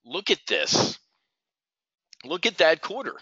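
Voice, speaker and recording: Forceful ranting middle-aged man. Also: fairly high pitch, wildly swooping pitch, slow pace, dry recording. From New Jersey, US. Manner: ranting, talks to chat viewers by name. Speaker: options trading host. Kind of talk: live trading stream commentary. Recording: dull lo-fi stream audio.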